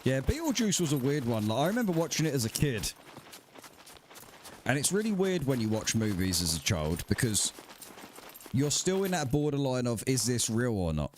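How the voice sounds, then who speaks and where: A man's voice: medium pitch, big pitch swings, moderate pace, long pauses, slight background noise. A man streaming a survival game live and chatting casually with his viewers in swearing banter. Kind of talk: casual livestream chat.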